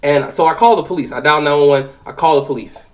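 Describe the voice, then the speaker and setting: A young man in his twenties telling a personal story, animated and profane, with lots of fillers. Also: fairly high pitch, fast, poor audio. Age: 20s. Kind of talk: casual spoken storytelling.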